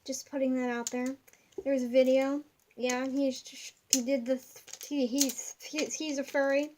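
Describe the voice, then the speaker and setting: A young craft video maker at home talks in a high, somewhat mellow voice, a little slow and flat in delivery, over slight background noise. Her tutorial rambles, full of giggles and tangents off topic.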